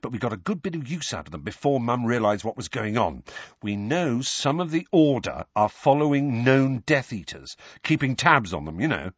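A man reading an audiobook, voicing an awkward teenage boy who talks in a halting, offhand way. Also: mid-range voice, big pitch swings, slightly rough, no echo, dull audio. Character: Ron, awkward teenage boy, a bit slow.

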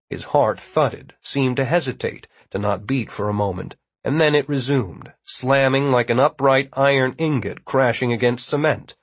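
A man narrating a novel in a measured, even reading. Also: medium pitch, no echo. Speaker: audiobook narrator. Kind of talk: scripted narration.

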